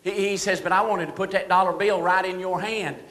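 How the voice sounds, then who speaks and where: A man's voice: high voice, steady tone, a little fast, a bit bright. A man impersonating a jittery, boastful small-town deputy, telling folksy yarns for laughs in a Southern drawl. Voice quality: folksy drawl, tells yarns and quotes others. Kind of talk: comedic stage monologue. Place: banquet hall. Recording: echoey hall.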